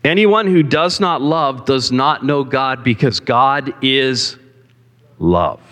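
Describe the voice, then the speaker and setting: Taking it slowly, a Canadian pastor with an animated, fairly bright mid-range voice delivers a sermon in a church sanctuary. He talks conversationally and asks the congregation questions, heard through long hall reverb.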